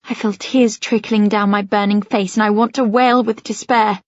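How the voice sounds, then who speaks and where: A woman narrates a first-person novel in an expressive, slightly anxious storytelling voice. Her pitch is mid-range, and the studio sound is dry and a little dull. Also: moderate pace, few pauses, no echo. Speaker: audiobook narrator.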